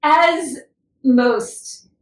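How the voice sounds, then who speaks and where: A woman's voice: high-pitched, very slow. A woman hosting a podcast interview, chatty and giggly. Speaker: podcast host. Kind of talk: casual interview chat. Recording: echoey room, mic at a distance.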